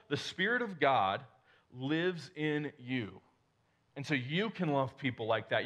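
A man's voice: on the high side, a bit bright. A male pastor preaching a conversational sermon, asking the congregation rhetorical questions and restarting his sentences as he goes.

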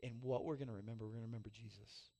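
A pastor in his forties preaching a sermon, telling a self-mocking personal story with loud peaks and soft, emotional drops. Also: lowish voice, fairly even intonation, rapid-fire.

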